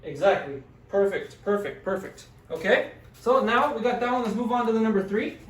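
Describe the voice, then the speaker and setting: A man's voice: high-pitched, a little fast. A man teaching a classroom language lesson, patiently sounding out words and encouraging his students. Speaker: Spanish teacher. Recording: echoey room, distant mic.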